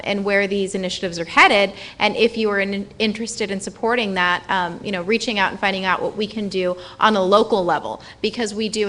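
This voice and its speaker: A woman anchors a student news show and sums up a report in an earnest way, with many ums along the way. Her voice is bright and crisp, at a middle pitch. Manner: earnest, filler-heavy wrap-up.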